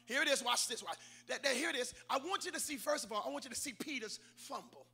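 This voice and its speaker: A man preaching a sermon, calling on the congregation and rising to shouted climaxes. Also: extremely high pitch, expressive, fast talker, slightly rough, soft background music. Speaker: pastor. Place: church sanctuary.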